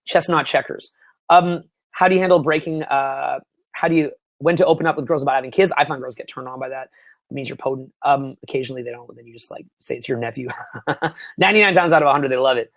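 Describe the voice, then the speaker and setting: A young Canadian man coaching on dating in a profane, excitable way, swinging from mumbled asides to loud bursts. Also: medium pitch, fast, no room sound. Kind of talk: webinar Q&A.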